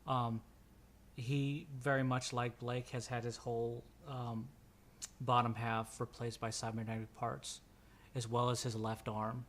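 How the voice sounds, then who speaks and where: A man's voice: medium pitch, flat delivery, unhurried, fairly bright tone, slight background noise. A young man running a tabletop game, narrating loosely with many fillers. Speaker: game master.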